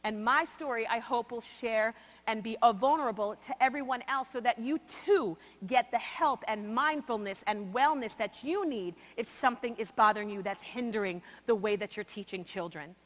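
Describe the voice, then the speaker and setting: High-voiced woman giving an impassioned keynote. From New York. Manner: expressive, shifts between loud emphasis and quiet slow asides. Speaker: conference speaker. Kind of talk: motivational keynote talk. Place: large conference hall. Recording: long hall reverb.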